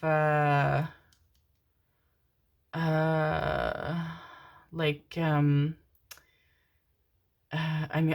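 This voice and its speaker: A woman's voice: deep voice, a bit bright. A woman giving a channeled tarot reading, calling listeners "my darlings," swearing casually and murmuring repeated syllables while she tunes in. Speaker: tarot reader.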